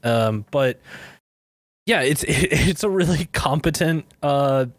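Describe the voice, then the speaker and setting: A man's voice: fairly high pitch, lively intonation, takes it slowly, dry recording. Easygoing enthusiastic podcast co-host man. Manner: easygoing, enthusiastic, casual swearing. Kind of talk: casual chat.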